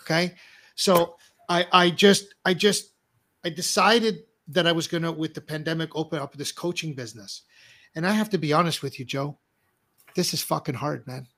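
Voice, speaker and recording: Halting, frank male talk show host. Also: on the high side, a bit bright. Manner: halting, many restarts, frank and cursing. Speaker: host, clarity coach. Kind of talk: casual interview chat.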